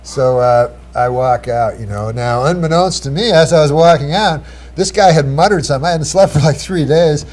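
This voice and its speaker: A man's voice: fairly high pitch, moderate pace, a little mellow. A man telling a long, rambling story as a guest on a talk show, full of asides and restarts. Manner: meandering, full of "you know" and restarts.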